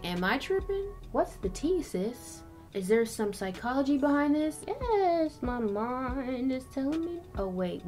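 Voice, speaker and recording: A young woman chatting casually while she does her makeup, sassy and emphatic, full of slang. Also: medium pitch. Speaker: beauty vlogger. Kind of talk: casual chit-chat while doing makeup.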